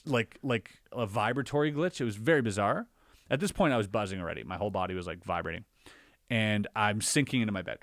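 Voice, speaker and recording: A man in a casual podcast conversation, telling a personal story in an animated way, acting out his own reactions with lots of filler words. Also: on the low side, fast talker, dry recording, studio quality. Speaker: podcast guest or co-host.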